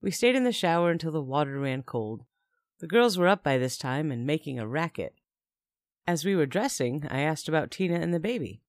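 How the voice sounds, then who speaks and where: A woman's voice: low voice, animated, fairly quick, dry recording, studio quality. A young woman narrating a first-person story in a chatty tone with wry asides.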